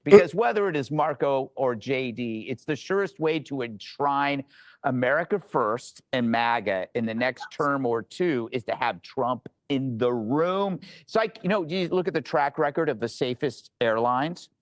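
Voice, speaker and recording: A man's voice: medium pitch, animated, no room sound. Man, political commentator, wry jokes, dry close sound. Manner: wry, joking, fast patter. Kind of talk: opinion commentary.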